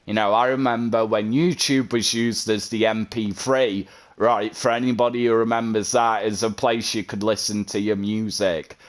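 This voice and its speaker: A man's voice: fairly low pitch, fairly even intonation, normal speed. A man, a content creator, talking earnestly and at length in a vlog, often repeating himself. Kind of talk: heartfelt vlog monologue.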